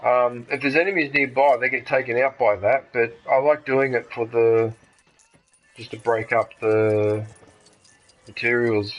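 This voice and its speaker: An Australian man hosting casual gameplay commentary, chatty and excitable, laughing at his own jokes. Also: mid-range voice, measured pace, rough recording. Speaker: gaming channel host.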